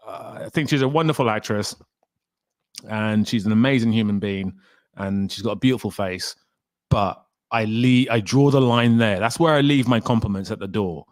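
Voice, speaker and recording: Dude hosting a stream, chatty and excitable, normal pitch, dry sound. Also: male voice, no room sound. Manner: animated, exclamatory, laughs often. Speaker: host. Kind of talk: casual livestream chat.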